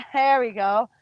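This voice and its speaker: A woman's voice: on the high side, dry recording, highs cut off. A woman horse trainer teaching casually while she works a horse, chatting to the viewers and coaxing the horse with praise.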